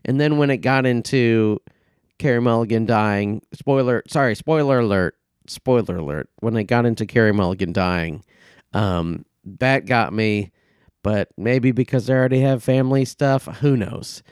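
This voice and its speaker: A man's voice: medium pitch, moderate pace, a little mellow, clean tone, dry recording, clean studio sound. A man co-hosting a comedy movie podcast, rambling through a casual review with lots of ums and profane outbursts. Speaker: podcast co-host.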